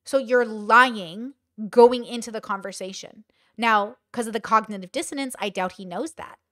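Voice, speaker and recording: A woman's voice: a little high, normal speed, a bit bright, dry recording, studio quality. A woman hosting a casual commentary, talking bluntly and emphatically, swearing freely and acting out other people's quoted lines. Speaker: commentary host.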